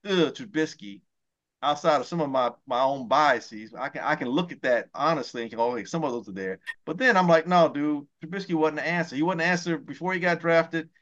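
A man's voice: a little high, a bit bright, dull audio. A man co-hosting a podcast, talking football in a heated, ranting way and swearing often. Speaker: podcast co-host. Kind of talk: casual sports talk.

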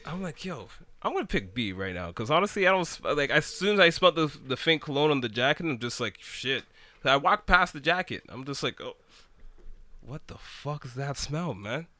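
A young man telling a slang-heavy story in an animated way during a casual chat. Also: on the high side, normal speed, no echo.

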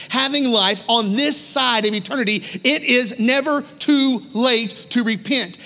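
High-voiced preaching man in a reverberant hall. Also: bright, forceful tone. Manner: emphatic preaching with repetition and acted-out quotes. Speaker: pastor. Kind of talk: sermon.

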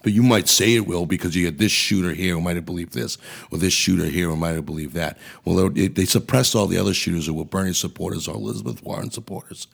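A man with a very low, gravelly voice that has plenty of fry. He rants about politics on his podcast in a blunt, profane way. His tone is husky and rough throughout. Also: fast. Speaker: podcast host. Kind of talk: ranting political commentary.

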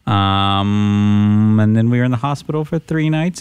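A young man hosting a podcast, telling a story in a rambling, halting way with many fillers. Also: lowish voice, darkish tone, clean tone, no room sound. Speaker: podcast host. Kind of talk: casual podcast chat.

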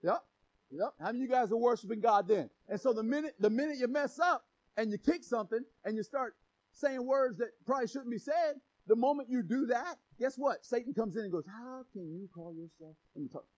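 A male pastor preaching a sermon in an energetic, joking manner, with shouted emphasis on key lines. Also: very high voice, brisk, low-quality recording.

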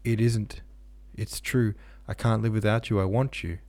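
A man's voice: lowish voice, steady tone, moderate pace, a little mellow, natural voice. Man voicing a pleading, spiteful young woman. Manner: wheedling, then spiteful.

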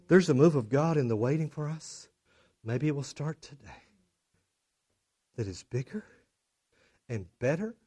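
Preacher, middle-aged man, high and wide-ranging delivery, booming then hushed. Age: middle-aged or older. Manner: swings from loud emphatic declarations to low hushed drama. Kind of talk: sermon.

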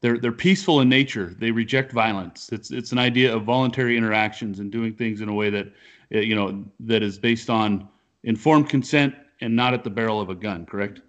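A man's voice: fairly low pitch, fairly quick, lo-fi sound. A man hosting a podcast from his living room, chatting casually in loose, rambling sentences. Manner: rambling, talks in loose restarts. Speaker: podcast host.

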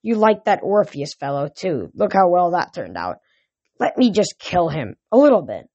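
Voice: medium pitch, big pitch swings, moderate pace, darkish tone, highs cut off. Reader putting on a cruel grumbling death god. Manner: gruff and sarcastic.

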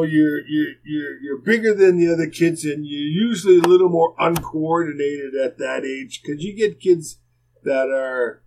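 A man's voice: fairly high pitch, a little mellow, poor audio. An older man, a former hockey player rambling through plainspoken anecdotes as a podcast guest. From Canada. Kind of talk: casual storytelling.

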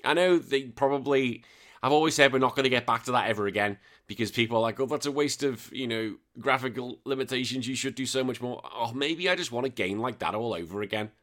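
Male podcast host, bright forceful voice, loose and sweary, rambling casual chat. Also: mid-range voice, fast talker. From United Kingdom. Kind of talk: casual chat reading listener comments.

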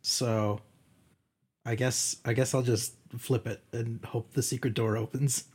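A man with a husky voice plays a tabletop game. He talks casually and reasons through his choices out loud. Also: mid-range voice, flat delivery, unhurried. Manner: thinks aloud, casual. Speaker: player.

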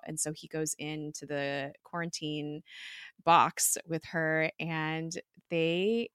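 A woman co-hosts a casual recap podcast, talking in a chatty, filler-heavy way and acting out bits of dialogue. Her voice is bright and forward, a little lower in pitch than most women's, and recorded dry and close with no room sound. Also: takes it slowly, smooth, no room sound. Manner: chatty, many fillers, animated retelling with quoted dialogue. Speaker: podcast co-host.

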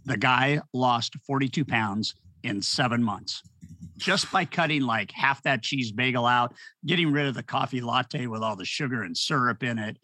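A middle-aged man, an author and speaker, telling stories in an animated, conversational way and acting out the people he quotes. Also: mid-range voice, moderate pace, no room sound. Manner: animated storyteller, acts out quoted voices. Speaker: podcast guest. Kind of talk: storytelling conversation.

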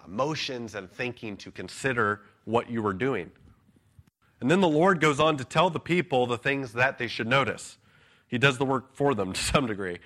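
A man preaching an earnest, measured expository sermon, pausing now and then with an "uh". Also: medium pitch, a bit bright. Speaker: pastor.

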